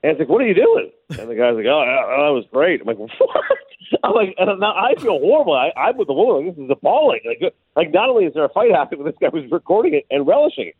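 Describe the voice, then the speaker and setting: A man co-hosting a radio show, telling stories in casual banter, animated and quick. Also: a little high, slightly rough, no room sound. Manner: animated storyteller, quick and lively. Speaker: radio co-host. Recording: phone-like radio line.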